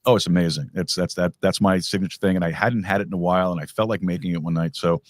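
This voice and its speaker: A man's voice: deep voice, fairly even intonation, quick pace, no echo. A man hosting a podcast, chatting casually and rambling with lots of restarts and fillers. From New York. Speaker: podcast host. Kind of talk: casual conversation.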